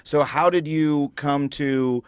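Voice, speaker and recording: A man, hosting a podcast in an energetic, playful, rambling way. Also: on the high side, slow, clear, resonant tone, no room sound. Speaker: podcast host. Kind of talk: podcast interview. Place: studio.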